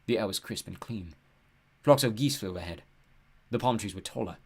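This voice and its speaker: A man's voice: on the low side, a little fast, slightly rough. Man narrating an audiobook. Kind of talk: scripted narration.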